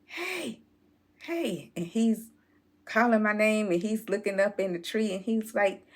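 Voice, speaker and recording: A woman telling a childhood story to her viewers in a relaxed, drawn-out way. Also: medium pitch. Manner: slow, drawn-out storytelling, addresses viewers as y'all. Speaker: channel host. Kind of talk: casual storytelling vlog.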